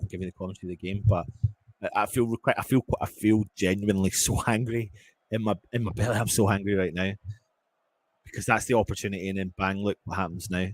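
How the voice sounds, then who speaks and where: A man with a lowish voice calls a football match live as a fan commentator. He swings between quick play-by-play and angry, frustrated rants, sometimes swearing. The delivery is casual and unscripted. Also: fairly even intonation, a little hiss or hum.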